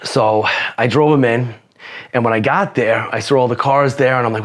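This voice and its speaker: A man's voice: mid-range voice, moderate pace. A man casually telling his life story as a guest, swearing a lot and saying "you know" constantly. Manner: profane, rambling, peppered with "you know". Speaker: podcast guest.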